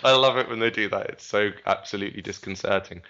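A man's voice: on the low side, fast talker, sharp tone. A man co-hosting a podcast, casual and sarcastic. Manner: sarcastic, mocking. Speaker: podcast co-host. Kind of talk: casual chat. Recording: dull lo-fi podcast sound.

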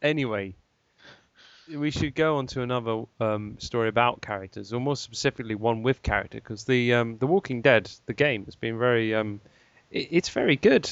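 A man's voice: medium pitch, brisk, dry recording. A man hosting a podcast in rambling casual chat, laughing often. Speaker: podcast host. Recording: dull lo-fi podcast sound.

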